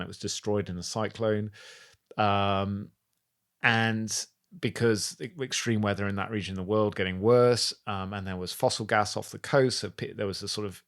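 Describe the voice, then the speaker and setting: A man's voice: lowish voice, a bit bright. A man guesting on a podcast, telling stories with enthusiasm in a casual conversational way, often restarting his sentences.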